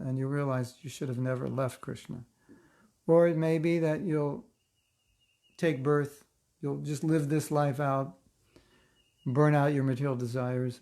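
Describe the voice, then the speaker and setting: A man's voice: mid-range voice, creaky, a little mellow. A man teaching a casual online scripture class, reading passages aloud and breaking off into joking, chatty asides. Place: online class, seated in a chair.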